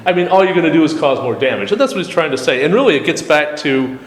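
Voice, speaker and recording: A man's voice: fairly high pitch, animated, quick pace. A man leading a church study group, teaching in a casual, conversational way and often restarting his sentences. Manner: conversational, frequent restarts, quotes texts aloud. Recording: echoey room with long reverb.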